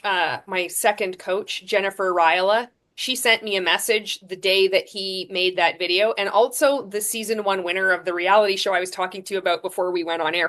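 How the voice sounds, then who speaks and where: A woman guest on a podcast, telling her story frankly, with lively restarts and fillers. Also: medium pitch. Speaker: podcast guest, former MLM seller. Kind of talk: candid storytelling interview.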